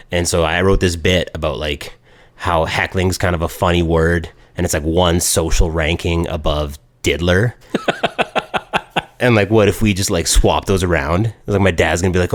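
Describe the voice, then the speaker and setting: A podcast co-host with a low voice narrates a story at a moderate pace in relaxed conversation. He is an animated storyteller who voices the people he quotes.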